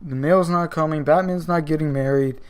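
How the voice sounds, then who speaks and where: A man's voice: a little high, fairly even intonation, moderate pace, clean tone, natural voice. A man voicing a terrified ordinary man held hostage, pleading anxiously.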